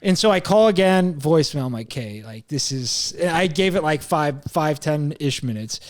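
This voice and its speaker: A young man hosting a podcast rambles through a story in casual chat, with a fairly high, lively voice at a normal speed. He swears often, quotes himself, and laughs at his own lines.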